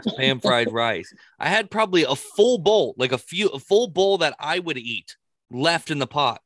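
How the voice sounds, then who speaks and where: A man's voice: on the high side, moderate pace, dry recording. A man telling stories in casual chat, swearing freely and often breaking into laughter. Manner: animated storytelling with frequent laughter and swearing.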